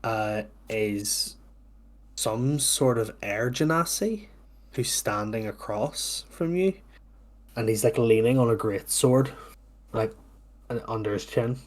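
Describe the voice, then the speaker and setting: A man narrating as game master, relaxed and hesitant, with many fillers. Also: lowish voice, slow pace.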